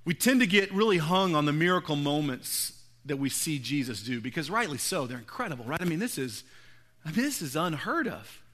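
A man's voice: on the high side, sing-song, fairly quick, a bit bright. A man preaching a sermon, retelling a scripture story in casual, conversational paraphrase. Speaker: pastor.

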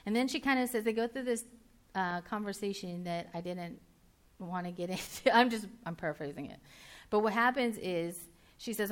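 A woman preaching in a relaxed, chatty way, as if she were talking with friends. She trips over her own words, starts sentences again and laughs easily with her listeners. Her voice sits at an ordinary middle pitch. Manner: chatty, with filler words and quick restarts; laughs easily and banters with the audience. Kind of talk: casual conversational sermon.

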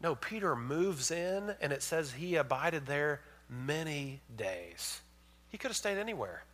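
A man preaching a sermon, swinging from loud emphatic points to hushed storytelling. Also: a little high, very animated, unhurried. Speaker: pastor.

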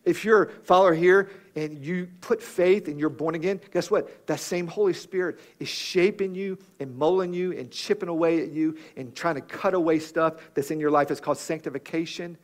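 A man's voice: on the high side, moderate pace, hardly any pauses. A man preaching a sermon in a rhythmic, emphatic manner, appealing directly to his listeners.

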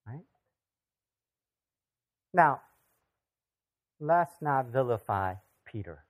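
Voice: mid-range voice, measured pace, long pauses. A preacher giving a sermon in a conversational way, often putting direct questions to the listeners. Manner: lively, asks the audience direct questions; conversational, acts out scripture voices.

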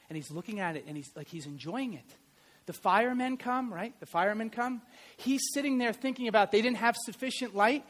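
High-voiced animated male preacher. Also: brisk. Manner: animated storytelling, varies loudness widely. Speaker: pastor and history teacher. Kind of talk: sermon.

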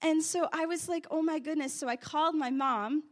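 A woman preaching a sermon, telling stories and testimony, moving from hushed confession to loud praise. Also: high-pitched, moderate pace. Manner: animated, swings from hushed confession to loud exclamations.

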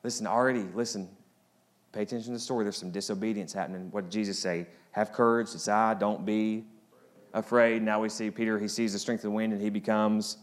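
A man preaching a sermon as pastor, swinging between loud, rising appeals and quiet, low asides. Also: steady tone, brisk.

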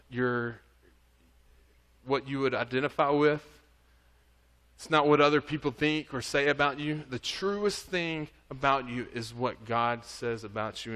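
A man's voice: mid-range voice, fairly bright tone. A man preaching a sermon, reading scripture aloud and earnestly urging his listeners. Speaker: pastor. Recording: audio recording of a church service.

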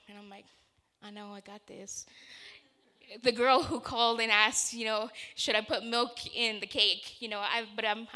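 A woman's voice: a little high, bright, forceful tone. A woman preacher giving a sermon, telling a personal story in an earnest, conversational way before moving into scripture.

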